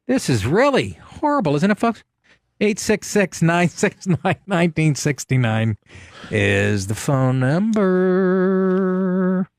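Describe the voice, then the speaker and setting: A man hosting a talk radio show, ranting and telling stories in a profane, animated way from a studio. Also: sits high, slow, no room sound. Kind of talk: casual talk radio monologue.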